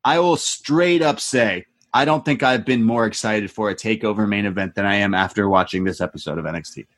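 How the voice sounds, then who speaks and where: Speaking briskly at a fairly low pitch, this podcast co-host casually relives a wrestling show with plenty of energy. He performs the wrestlers' lines himself, shifting voices for each quote.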